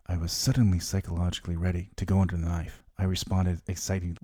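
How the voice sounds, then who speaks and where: A man's voice: deep voice, flat delivery, fairly quick, mellow, no room sound, clean studio sound. Wry middle-aged man narrating his story. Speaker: podcast host. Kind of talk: scripted personal narration.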